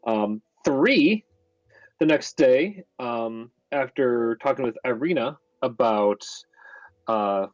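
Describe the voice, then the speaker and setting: A man's voice: mid-range voice, no echo. A man game master recapping a tabletop session in a rambling, chatty way full of fillers. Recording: dull lo-fi, dry.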